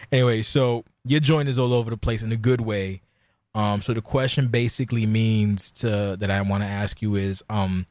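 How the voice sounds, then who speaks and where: A man's voice: on the low side, dry recording. A man hosting a podcast interview, jokey and loose, laughing along with his guest. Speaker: podcast host. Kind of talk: casual chat interview.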